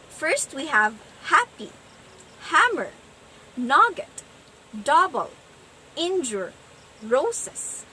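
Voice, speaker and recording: Woman student presenter, bright lively voice, unhurried explanatory delivery. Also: high voice, slight background noise, low-quality recording. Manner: slow, explanatory, sounds out stress patterns. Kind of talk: class presentation on poetry.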